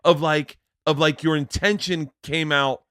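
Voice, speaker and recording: A man in his forties hosting a podcast, telling stories in a loose, animated way. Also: measured pace, clean tone, no room sound, clean studio sound. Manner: animated, jumps into loud high-pitched impressions when quoting. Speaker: podcast host. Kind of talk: casual storytelling chat.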